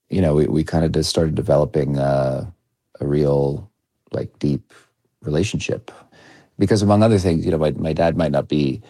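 A man in his thirties, a documentary filmmaker, giving measured, reflective interview answers with frequent restarts. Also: extremely low pitch, gravelly, dark tone, breathy edge, no room sound, studio quality. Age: 30s. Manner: measured, with many restarts and hedging fillers.

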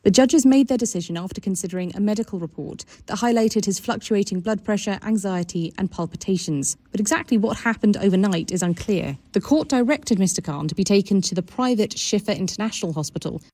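A woman correspondent delivering a scripted news report in a brisk, formal manner. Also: medium pitch, mellow, no echo, poor audio. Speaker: foreign correspondent.

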